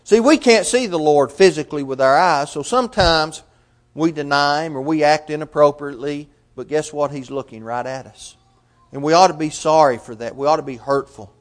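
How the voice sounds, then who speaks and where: A man with a high, light voice preaches a sermon. He keeps asking rhetorical questions, pushing hard on key words, then dropping almost to a hush. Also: moderate pace. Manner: rhetorical questions, swells loud then drops soft.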